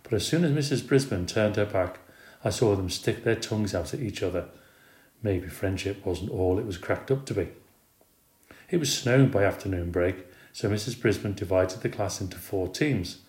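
A man reads a children's storybook aloud with lively expression. His voice sits on the low side. The recording carries a noticeable room echo. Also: moderate pace. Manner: expressive, animated reading. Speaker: reader. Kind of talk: storybook narration. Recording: roomy recording.

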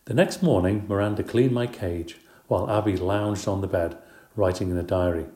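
A man's voice: sits low, normal speed, dark tone, roomy sound. A man narrating a children's story in the first person, in a light, chatty, playful way. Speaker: audiobook narrator.

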